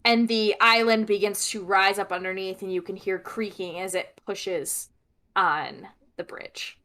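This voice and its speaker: A young woman running a tabletop game as game master, chatty and narrating with many pauses and restarts. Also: medium pitch, steady tone, bright, forceful tone. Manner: chatty, lots of fillers and restarts while narrating.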